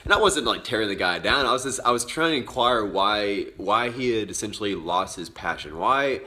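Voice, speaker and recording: A man's voice: lowish voice, animated, moderate pace, hardly any pauses, bright, forceful tone. A man in his twenties giving an earnest motivational vlog talk, rambling with many restarts. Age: 20s. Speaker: vlogger.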